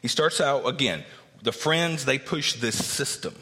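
A man, a pastor, giving a conversational sermon and Bible teaching, animated as he acts out the people he quotes, with many fillers and tag questions. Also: unhurried. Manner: animated, acts out quoted speakers with raised pitch. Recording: long reverb of a church hall.

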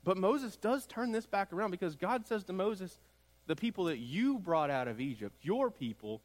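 A man's voice: high-pitched, lively intonation, moderate pace. A man preaching a sermon as pastor, building emphasis through repeated phrases. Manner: preaching with rising emphatic repetition. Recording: long hall reverb.

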